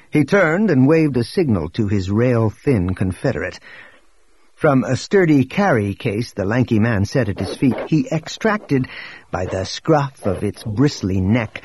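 A man narrating an audiobook in a steady, expressive reading. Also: mid-range voice, slight background noise. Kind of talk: scripted narration.

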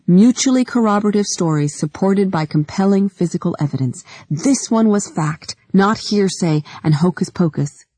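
A woman narrating an audiobook in a measured, even reading. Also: lowish voice, husky, no room sound. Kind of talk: scripted narration.

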